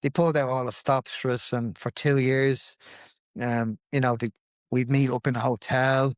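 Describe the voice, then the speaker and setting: A man's voice: mid-range voice, moderate pace, no room sound, studio quality. Dublin Irish man telling his story. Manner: lively storyteller who swears freely. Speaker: podcast guest. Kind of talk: personal storytelling in casual chat.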